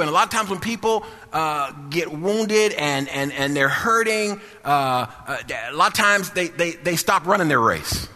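A man preaching a sermon in a church, repeating and restarting his phrases for emphasis, with a sing-song cadence and calls for a louder amen. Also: on the high side, animated, normal speed, few pauses, long reverb tail. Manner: repetitive, emphatic, with frequent restarts. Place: church sanctuary.

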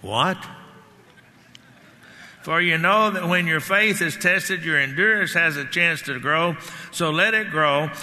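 Preacher, male, sermon delivery; unhurried, very bright tone, long hall echo. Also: on the high side. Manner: emphatic preaching, repeating key words, rising on lines of scripture.

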